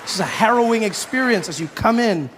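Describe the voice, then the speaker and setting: A male stand-up comedian telling stories on stage, animated and acting out characters. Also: high voice, brisk, in a large hall, slight background noise. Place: comedy stage before a live audience.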